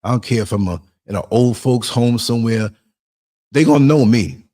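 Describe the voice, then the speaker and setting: With a medium-pitched voice at normal speed, a New York man gives a streetwise, blunt motivational monologue for his podcast. He acts out bits of dialogue to animate the stories he tells.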